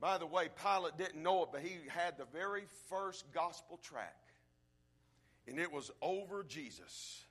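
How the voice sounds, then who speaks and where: A male preacher delivering a sermon, swinging from hushed tones to shouting build-ups and speaking straight to the congregation. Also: a little high, expressive, measured pace. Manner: addresses the congregation directly.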